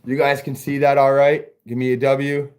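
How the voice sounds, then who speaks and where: A man's voice: medium pitch, level tone, moderate pace, a little mellow. A man hosting a casual livestream while working in a garage workshop, rambling and joking and swearing freely. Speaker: livestream host.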